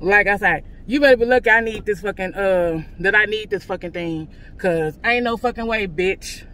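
A woman vlogger venting casually to her viewers, loud and profane, from in or near her car. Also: medium pitch, normal speed.

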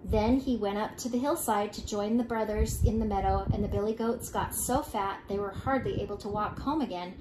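An older woman reading a children's storybook aloud in an expressive way, with small slips and restarts. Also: mid-range voice, a little fast, hardly any pauses, noisy background. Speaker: storybook reader. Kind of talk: children's read-aloud narration. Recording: echoey room.

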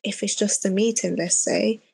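Flat husky woman, gravelly tone. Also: medium pitch, moderate pace, no room sound. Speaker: podcast co-host. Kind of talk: casual chat.

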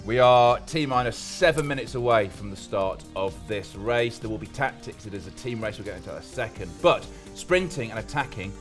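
Brisk, jokey male co-host for a live race stream. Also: medium pitch, animated, soft background music. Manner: fast-talking, joking. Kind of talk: casual live-stream banter.

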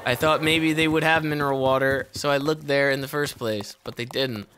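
A man streaming a video game, commentating live in an excitable, profane way and yelling at the characters. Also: mid-range voice, moderate pace, a little hiss or hum.

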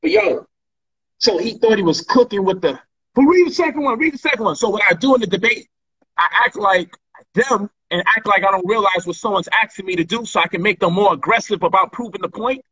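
A man in a heated casual chat over a remote call, boasting about how he handled a debate, animated and profane. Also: high voice, a little fast, husky, muffled recording. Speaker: debater discussing a past debate. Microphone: remote call mic.

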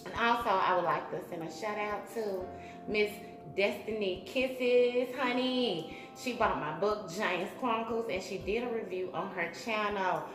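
A woman's voice: mid-range voice, measured pace. Woman vlogger, chatty and affectionate, roomy echo with music playing behind. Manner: chatty, warm shout-outs, bursts of humming. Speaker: mukbang vlogger. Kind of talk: casual chat to viewers.

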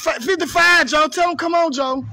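A man launches into a heated, profane rant on a live video. His voice sits very high and rings bright and forceful, and he keeps hammering the same taunts. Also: normal speed, faint music behind. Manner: confrontational, repetitive taunting. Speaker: streamer ranting on a live video.

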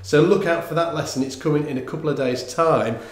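A man giving a casual online bass lesson, talking in a relaxed, rambling way with lots of fillers and restarts. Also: a little fast, echoey room. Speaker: bass teacher. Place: room with instruments, bass played along.

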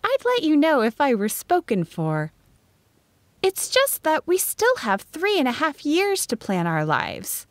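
A woman's voice: high voice, a little slow, no echo, voice pushed up, exaggerated voice. A woman voicing an earnest, spirited eighteen-year-old schoolteacher in an audiobook. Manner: lively, bright-toned dialogue reading.

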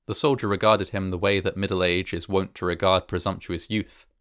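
A man reads a classic horror story aloud in a measured, steady way. His voice sits low. The recording is dry and close. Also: clean tone, no echo. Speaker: narrator.

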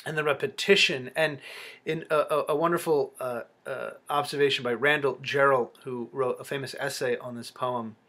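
A man giving a close-reading lecture on a poem, reflective and halting, with frequent fillers and restarts. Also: medium pitch, fairly even intonation, bright, forceful tone. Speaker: literature lecturer.

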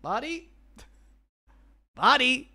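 A man with a Sheffield accent, streaming and role-playing a rat character, excitable and jokey, yelling out comic bits. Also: extremely high pitch, extremely slow. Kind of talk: playful in-game role-play chatter.

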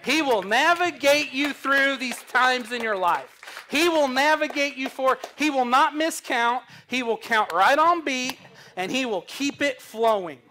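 Slow-spoken young man preaching. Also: very high-pitched, animated, sharp tone, slight background noise. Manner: storytelling, earnest and humorous. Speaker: pastor. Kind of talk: sermon.

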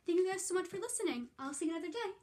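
A woman preschool teacher reading a picture book aloud to young children, slow and sing-song, coaxing them to join in. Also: extremely high pitch, animated, a little mellow.

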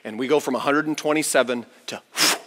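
A pastor preaching a chapel sermon, telling a story with big swings between loud, high bursts and quiet, low asides. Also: male voice, fast. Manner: animated storyteller with wide swings in pitch and loudness. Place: large university chapel. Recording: long reverb of a large hall.

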